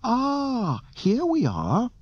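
Man doing fussy formal droid voice, high and prissy, audiobook. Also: huge pitch swings, extremely slow, no echo, highs cut off, full character voice. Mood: flustered. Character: fussy prim male protocol droid.

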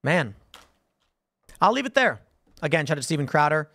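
A male commentary host with a slightly high voice rambles through his point, stumbling over words and starting sentences again. His voice sounds dry and close, with no room sound, as if into a studio mic. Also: big pitch swings, normal speed, bright, forceful tone, dry recording. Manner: stammering restarts, repeating words. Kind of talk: casual commentary monologue.

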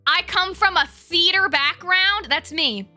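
A woman's voice: extremely high pitch, measured pace, bright, forceful tone, faint music behind, pitched above the performer's own voice, full character voice. A woman reading game dialogue aloud, voicing a theatrical, genteel male cat who guides a tea house.

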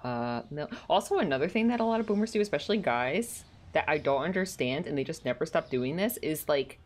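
Low-voiced woman chatting rambly. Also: animated, brisk. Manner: rambling, heavy use of "like"; gets heated when annoyed. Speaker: streamer. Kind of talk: casual chat while gaming. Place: at home.

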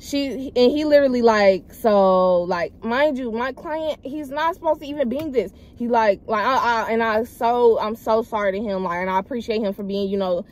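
With hardly any pauses, a young woman vlogger tells her viewers, whom she calls y'all, a personal story in a casual, rambling, slangy way. Her voice is a little high and moderately paced, and she acts out quotes loudly and emphatically.

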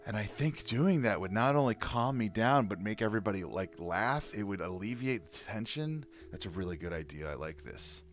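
A man's voice: on the low side, animated, moderate pace, hardly any pauses, soft background music. A man reading anger-management tips aloud and commenting on them candidly, in a casual vlog. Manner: reads advice aloud then comments candidly, with sighs and laughs. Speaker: vlogger. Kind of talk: casual self-help video reading and reacting.

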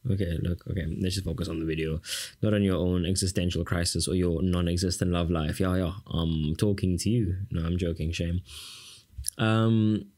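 A man's voice: deep voice, fairly even intonation, normal speed, mellow. A man from South Africa with a South African accent, giving a casual exam-prep lesson as a tutor with sarcastic, jokey asides to the viewer.

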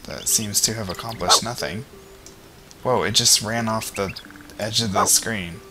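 A man's voice: on the low side, measured pace. A man giving casual commentary while playing a game, chatty and self-deprecating, talking to the characters on screen. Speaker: let's play gamer. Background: game music.

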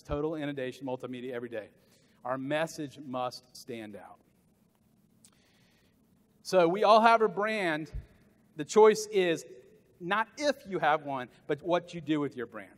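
A middle-aged man from the American South giving a motivational sales talk at a conference, animated and jokey, acting out voices for the people he quotes. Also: on the high side. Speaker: keynote sales speaker. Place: large conference hall. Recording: long hall reverb.

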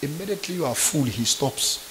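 A man's voice: on the high side, animated, a little fast, a bit bright, slight background noise. A man preaching a fervent conference sermon, throwing call-and-response questions to the congregation. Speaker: pastor. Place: church conference.

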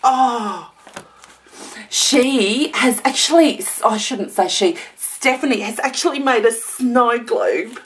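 Woman from Australia, vlogger, slow and effusive, constantly exclaiming over a handmade gift. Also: a little high, lively intonation, fairly bright tone. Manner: gushing, gasping, exclaiming. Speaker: crafter opening a gift. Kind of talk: casual unboxing vlog.

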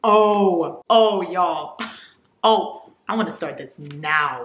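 A woman vlogging a casual book haul, gushing and excitable, jumping between loud squeals and soft asides. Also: on the low side, moderate pace, roomy sound, slight background noise.

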